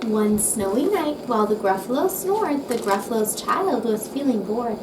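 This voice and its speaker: A woman calmly reading a rhyming children's picture book aloud. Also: on the high side, normal speed, hardly any pauses. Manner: calm, gentle, rhythmic reading. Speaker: storybook reader. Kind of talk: bedtime story reading aloud. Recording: roomy, distant mic with background noise.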